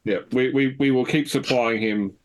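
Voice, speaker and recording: A man's voice: mid-range voice, moderate pace. A man playing a tabletop game, talking hesitantly with many restarts. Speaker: player. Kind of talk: casual tabletop play.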